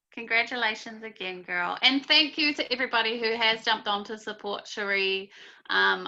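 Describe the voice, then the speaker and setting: A woman hosting a group video call, warm and encouraging as she hands over to the next speaker. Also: fairly high pitch, highs cut off. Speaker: call host.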